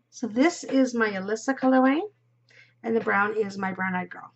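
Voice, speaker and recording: A woman's voice: medium pitch, normal speed, slight background noise. A woman hosting a knitting podcast, chatting casually and rambling as she knits, giggling and dropping into murmurs, yawning now and then. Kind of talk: casual chat while knitting. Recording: dull lo-fi recording.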